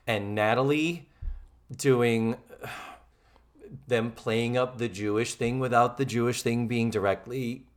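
A man co-hosting a casual podcast, recapping a sitcom episode with animated delivery and free swearing. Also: mid-range voice, slow. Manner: animated, swears freely, acts out quoted lines. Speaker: podcast co-host.

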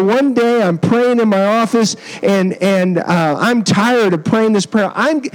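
High-voiced man telling a sermon story. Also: a little mellow, poor audio. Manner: self-deprecating humor, earnest storytelling. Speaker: missionary preaching as guest. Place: church.

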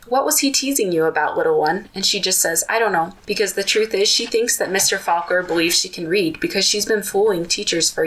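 A woman's voice: on the low side, bright, forceful tone, low-quality recording. A woman podcast host retelling a children's book in casual storytelling, adding personal asides.

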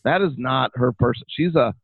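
A man's voice: mid-range voice, moderate pace, slightly rough, no echo. A middle-aged man talking as a guest, telling stories with animation and many restarts. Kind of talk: casual interview chat. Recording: tinny phone-like line.

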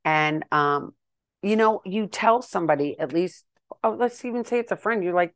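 A woman in her fifties telling a story to her viewers in a chatty, animated way, with exasperated asides. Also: fairly low pitch, normal speed, no room sound, clean studio sound. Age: 50s. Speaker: vlogger and wellness coach.

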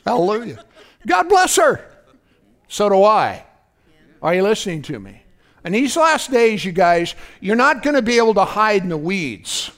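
A man's voice: high-pitched, huge pitch swings, moderate pace, a bit bright. A man preaching a fervent sermon as pastor, often breaking in with "praise God" and asking if the congregation is listening.

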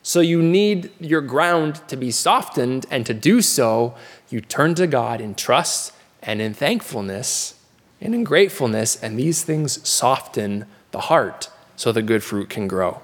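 A man preaching a sermon in an earnest, conversational teaching manner, slowing down to repeat key questions. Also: medium pitch, animated, long reverb tail.

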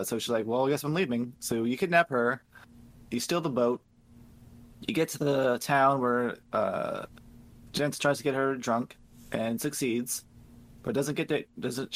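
A man co-hosting a casual game review podcast, recapping the plot with lots of swearing and quick impressions of the characters. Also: mid-range voice. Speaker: podcast co-host.

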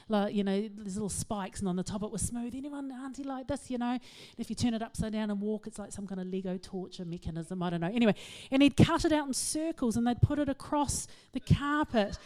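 A middle-aged woman, giving a humorous, self-mocking talk to an audience in an animated storytelling manner. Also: fairly high pitch. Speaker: speaker.

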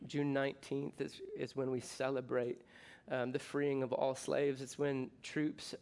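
Unhurried and mid-range in pitch, a middle-aged U.S. pastor preaches conversationally. He jokes around and now and then erupts with excitement.

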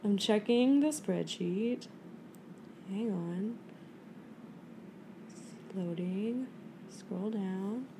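A woman co-hosting a podcast in casual chat, easygoing and quick to laugh. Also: mid-range voice, gravelly, dark tone, a little hiss or hum. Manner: easygoing, laughs often, reads from a list. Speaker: podcast co-host.

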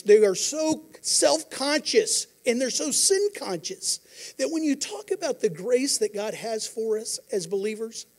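A pastor preaching a sermon, earnest, moving between quiet passages and emphatic declarations. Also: male voice, sits high.

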